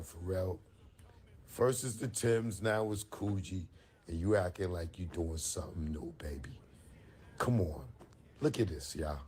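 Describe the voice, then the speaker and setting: A man doing excitable husky New comic storyteller. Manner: excitable, exaggerated high-pitched outbursts. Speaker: comedian host. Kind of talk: animated comedic storytelling.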